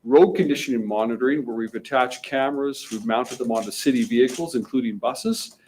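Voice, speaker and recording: A man speaking as mayor at a press conference, measured and often restarting his phrases. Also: medium pitch, a little mellow, a little hiss or hum, poor audio. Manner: measured, restarts and repeats words.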